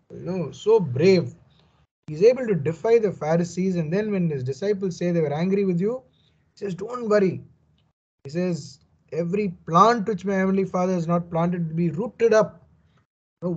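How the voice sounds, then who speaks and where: A man's voice: a little high, mellow, husky, muffled recording. A man giving a verse-by-verse Bible commentary, reading passages and explaining them earnestly and emphatically, often saying "you know". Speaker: Bible teacher.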